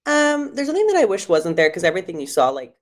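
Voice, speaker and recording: Low-voiced chatty young woman. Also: quick pace. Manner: chatty storytelling, quotes herself in lively voices. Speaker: guest. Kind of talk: casual chat.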